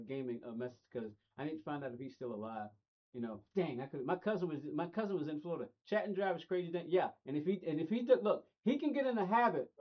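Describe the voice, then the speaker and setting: A middle-aged man streaming a racing game, rambling casually and talking straight to his chat. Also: on the high side. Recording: dull lo-fi stream audio.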